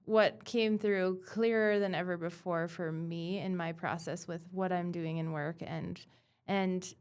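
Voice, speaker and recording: A woman guest on a podcast who talks about bodywork in an earnest, animated way, full of "like" fillers. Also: on the low side, a little slow, clean tone. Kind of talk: casual conversational podcast.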